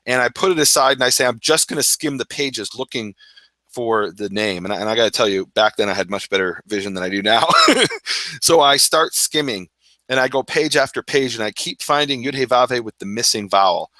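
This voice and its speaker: A man, a Hebrew scholar, telling a story in an interview, animated, laughing now and then and acting out what he once said. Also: mid-range voice, fast talker, no echo. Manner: animated, laughs often, acts out his own past words.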